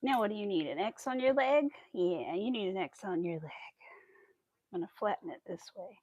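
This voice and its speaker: A woman hosting a casual crochet livestream, chatting to her viewers as she works and cooing at her cat in a high baby voice. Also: expressive, moderate pace, a little mellow, no room sound, dull audio. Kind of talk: casual chat while crocheting.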